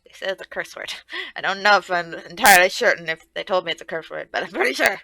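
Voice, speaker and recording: A woman's voice: fairly low pitch, lively intonation, quick pace, gravelly, pushed and bright, no room sound, low-quality recording. A woman streamer chatting casually and rambling through a friendly sign-off. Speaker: game streamer.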